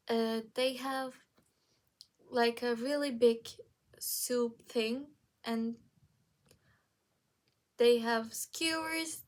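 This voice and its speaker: A young woman vlogger chatting casually about TV shows, rambling with many fillers and restarts. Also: a little high.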